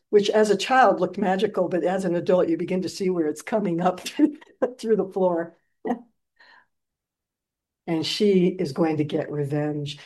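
A woman giving a dharma talk as a meditation teacher, telling a story in an animated, gentle and reflective way. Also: lowish voice.

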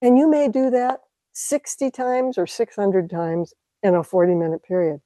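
A woman teaching meditation to an audience, speaking calmly and reflectively with light laughs. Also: mid-range voice, moderate pace, dry recording, low-quality recording. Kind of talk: dharma talk to an audience.

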